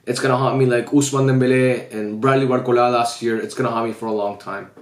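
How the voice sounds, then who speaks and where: A man's voice: medium pitch, steady tone, fast talker, echoey room. A man football fan vlogging casually to his viewers, dejected and heartbroken, swearing often as he talks straight to them. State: heartbroken after a loss. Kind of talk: casual vlog rant.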